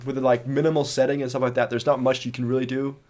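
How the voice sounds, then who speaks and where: A man co-hosting a casual podcast, animated and playful, often restarting his sentences. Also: medium pitch, fast talker. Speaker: podcast co-host. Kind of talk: casual chat.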